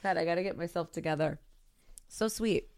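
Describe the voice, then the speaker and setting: A woman co-hosting a podcast, her voice smooth and resonant and recorded close and dry. She swears freely, laughs often, and reads a listener's letter aloud while teary. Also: fairly low pitch, brisk, darkish tone, no echo. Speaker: podcast co-host. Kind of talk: casual chat.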